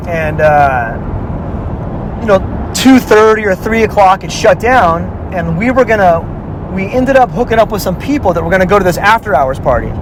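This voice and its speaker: Rambling man telling a story by traffic. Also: sits high. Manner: rambling, full of filler words and restarts. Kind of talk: casual personal anecdote.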